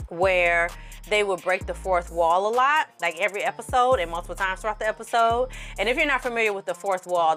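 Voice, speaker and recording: A woman's voice: on the low side, fairly bright tone. Blunt, rambling woman reviewer. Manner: candid, blunt, rambling with laughs. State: slightly tipsy. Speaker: film reviewer. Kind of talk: casual to-camera review.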